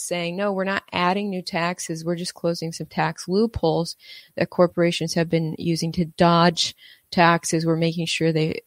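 Woman commentator, lowish voice, sarcastic, dry close mic, lots of ums. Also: no room sound. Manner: sarcastic, reads quotes aloud, frequent fillers. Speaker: political commentator. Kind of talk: casual political commentary.

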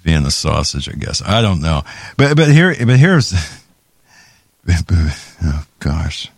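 A man's voice: very deep voice, very animated, slow, no room sound. A man hosting a talk show, giving heated political commentary with many restarts and stumbles. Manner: heated, ranting, with frequent restarts.

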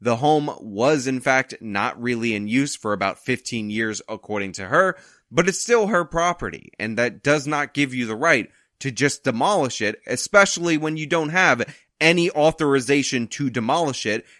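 A male channel host who reacts to the news with exasperation and sarcasm. His voice is bright and forceful. It is recorded dry, with no room sound, in his apartment. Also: mid-range voice, animated, normal speed, dry recording. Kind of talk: commentary on a news story.

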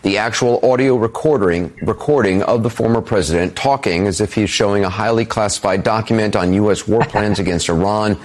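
A man anchoring a television news broadcast in a measured, formal delivery. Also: lowish voice, darkish tone.

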